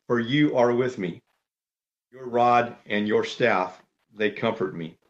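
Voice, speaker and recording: Measured male pastor, dull lo-fi sound. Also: mid-range voice, fairly bright tone. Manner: measured, orderly, lays out numbered points. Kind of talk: sermon.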